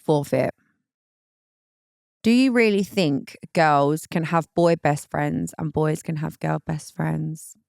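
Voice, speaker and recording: A woman's voice: sits low, slow pace, creaky, a little mellow, dry recording, clean studio sound. A young woman co-hosting a podcast, quizzing her co-host in casual chat with a blunt, teasing manner.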